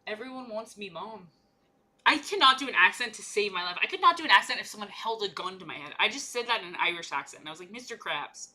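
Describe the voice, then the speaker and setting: A woman's voice: mid-range voice, animated, rapid-fire, few pauses, bright, forceful tone. A young woman chatting casually and playfully while she paints miniatures on a livestream, rambling from one joke to the next.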